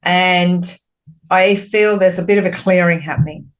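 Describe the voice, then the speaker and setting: Here a spiritual medium, also a podcast co-host, talks frankly and expressively in a casual chat. She swears without holding back and turns animated as she retells her dialogues with spirit. Her lowish voice moves at an unhurried pace.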